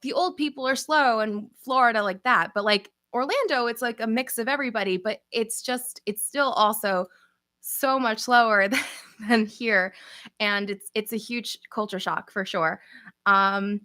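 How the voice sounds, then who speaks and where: A young woman with a New York accent hosts a casual livestream Q&A and chats with viewers. Her voice is bright and sits a little high. She talks in an upbeat way and laughs often. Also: normal speed, no echo, studio quality. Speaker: channel host.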